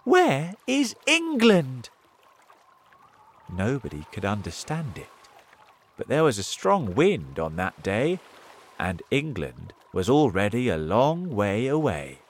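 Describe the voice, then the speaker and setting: A man reading a children's story aloud as narrator, very expressive and dramatic. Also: on the low side, measured pace.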